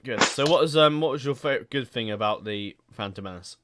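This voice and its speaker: Bright-voiced man hosting a chat. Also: medium pitch, fairly quick, dry recording, clean studio sound. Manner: rambling, laughs often, swears casually. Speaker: podcast host. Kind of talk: casual chat.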